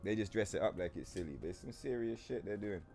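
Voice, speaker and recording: A man's voice: lowish voice, fast talker, gravelly, dark tone. A young man streaming a game, ranting casually with lots of profanity and playful mock voices. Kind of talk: casual livestream rant while gaming.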